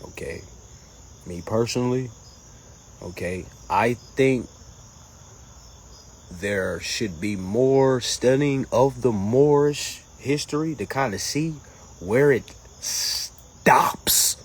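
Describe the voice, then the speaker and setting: A man hosting a casual livestream, answering comments in an animated, mocking way that swings between loud jokes and low asides. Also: takes it slowly, pauses often, slightly rough. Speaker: livestream host reading comments.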